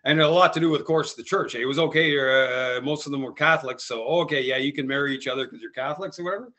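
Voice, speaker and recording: A man's voice: mid-range voice, quick pace, pushed and bright. A man from Canada with a Canadian accent tells a rambling personal story, full of digressions and restarts. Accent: Canadian English. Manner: digressive, frequent restarts and tag "eh?".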